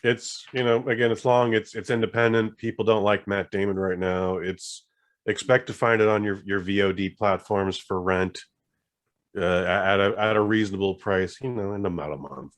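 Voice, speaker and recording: A man's voice: lowish voice, steady tone, normal speed. Profane casual male podcast co-host. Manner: loose, profane, retells scenes doing the characters' voices. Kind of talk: casual movie review chat.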